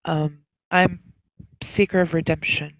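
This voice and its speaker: A woman voicing a meek adult female werewolf who stumbles over her words in a soft, hesitant way. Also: low voice, steady tone, a little slow, no room sound, poor audio. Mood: shy.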